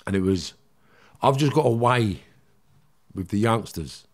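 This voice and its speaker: A man's voice: lowish voice, expressive, measured pace. London guy, middle aged, blunt and swearing, gets emotional telling his story. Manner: emotional, blunt, swears freely, acts out dialogue. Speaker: guest, former gangster. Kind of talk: candid interview storytelling.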